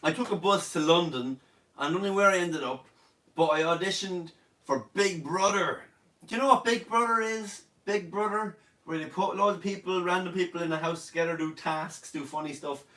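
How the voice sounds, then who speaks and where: A young Irish man, sick in bed, hosts a casual live-stream Q&A as an online comedian, joking and bragging while reading viewer comments aloud. His voice sits high with a sharp tone at a normal speed. The audio sounds roomy, as if he's far from the mic.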